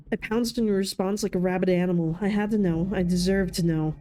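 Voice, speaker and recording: A woman's voice: on the low side, fairly even intonation, brisk, few pauses, mellow, soft background music. A young woman playing a visual novel, reading its narration aloud and adding chatty asides full of fillers. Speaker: let's-play gamer.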